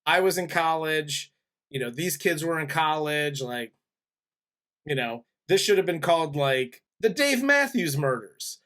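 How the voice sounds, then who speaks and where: A man in his forties hosting a casual movie review chat, easygoing and quick to laugh. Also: a little high, expressive, fairly bright tone. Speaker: podcast host.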